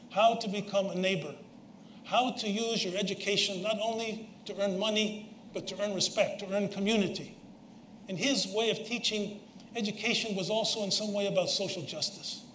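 A man's voice: high-pitched, a bit bright, a little hiss or hum. An older man giving a reflective public lecture to a live audience, with Spanish words woven into his talk. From United States. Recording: roomy hall echo, faint ambience.

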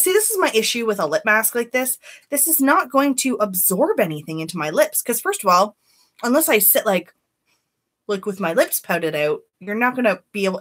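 A woman chatting casually on a beauty live stream, greeting viewers by name and giving candid opinions. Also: a little high.

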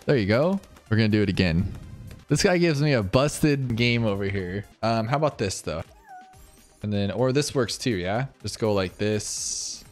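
A man streaming a tower defense game live, chatting with viewers and jumping to high yelps when the game gets tense. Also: normal speed, faint music behind. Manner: excitable, talks to chat, jumps to high yelps when tense. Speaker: gaming streamer. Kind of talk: live gameplay commentary.

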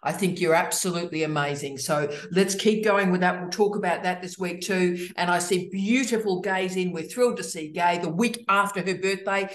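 Female host, effusive and teasing, roomy video call sound. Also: fairly low pitch. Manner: effusive, teasing, fast greetings. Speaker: host of online office hours. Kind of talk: casual video call chat. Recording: roomy echo.

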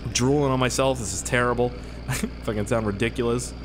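A man's voice: mid-range voice, steady tone, a little fast, over music. A man giving casual, profane and rambling commentary while playing a driving game. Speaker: gaming YouTuber. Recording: loud game engine noise behind. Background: vehicle engine sounds from the game.

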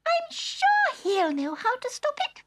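A woman voicing a squeaky, helpful little dragonfly in a storybook read-aloud. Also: wildly swooping pitch, unhurried, exaggerated voice. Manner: squeaky and chirpy.

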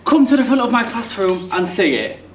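A man's voice: sits high, big pitch swings, brisk, very noisy. A man playing a stern teacher who scolds pupils, in a student stage play. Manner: scolding, lecturing. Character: stern, scolding male schoolteacher. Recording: echoey room, mic far off.

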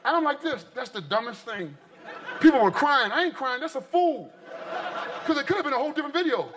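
Man, from the US, stand-up comedian, animated storyteller, very high voice, live audience. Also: quick pace, some chatter behind. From United States. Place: stage before a live audience. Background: faint audience laughter.

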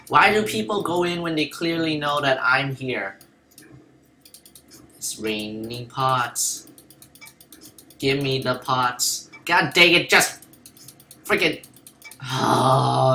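Excitable young man narrating his gameplay. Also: medium pitch, slow, pauses often, echoey room. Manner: excitable, jokey, repeats phrases. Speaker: gameplay commentator. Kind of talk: casual gameplay commentary.

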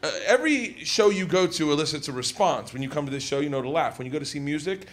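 A man's voice: fairly high pitch, expressive, fast. Laughing hungover stand-up comedian man. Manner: rambling, laughing storyteller.

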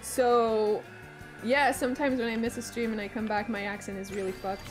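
A woman's voice: a little high, fairly even intonation, normal speed. Quebec woman streamer, strained voice. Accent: Quebec French. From Quebec, Canada. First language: French. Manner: chatty, swears a lot, laughs often. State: voice giving out, sore throat. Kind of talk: casual gaming stream chat. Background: game music.

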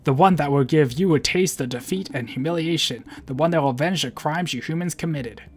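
A man's voice: on the high side, a little fast, natural voice. A man reading a vengeful brooding villain. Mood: menacing. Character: vengeful grim leader bent on revenge.

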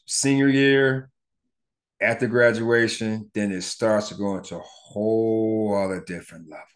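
A middle-aged man, telling a personal story on his podcast in a casual, profane, animated way, acting out the people he quotes. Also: on the low side, unhurried. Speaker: podcast host.

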